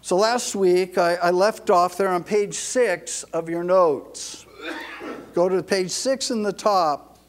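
Slow-talking pastor with a high voice. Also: male voice. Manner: emphatic, repeats words for stress; folksy asides to the congregation. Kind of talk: sermon. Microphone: microphone.

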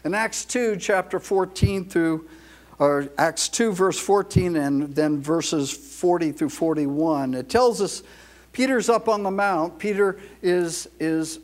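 A man preaching a sermon into a microphone to his congregation, emphatic and repeating words for stress, with folksy asides. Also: high voice. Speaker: pastor.

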